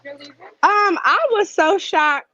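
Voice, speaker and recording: A woman guest in a casual movie chat, expressive and quick to laugh. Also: very high voice, no room sound. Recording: dull lo-fi sound with faint noise.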